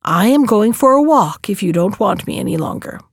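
A woman voicing a bossy, overworked giantess who talks in loud, commanding tones. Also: medium pitch, animated, moderate pace, creaky, breathy edge, no echo, clean studio sound. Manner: loud, commanding, mock-sweet.

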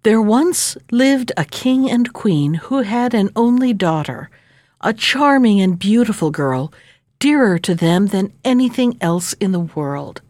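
A woman narrating a fairy tale in a gentle, measured reading voice. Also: medium pitch, expressive, no room sound, clean studio sound.

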